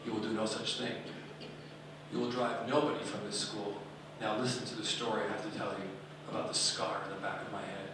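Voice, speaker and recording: Steady, stern woman teacher voiced by a man, low-key and measured, distant in an echoey hall. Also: background noise, close to an everyday voice. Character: firm, calm female schoolteacher. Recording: echoey hall, speaker far from mic.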